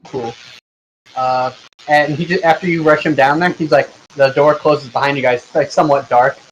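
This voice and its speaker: A man's voice: fairly high pitch, fairly even intonation, normal speed, muffled recording, a little hiss or hum. A man running a tabletop game online, narrating loosely with lots of filler words. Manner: loose, rambling, with many fillers. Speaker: game master.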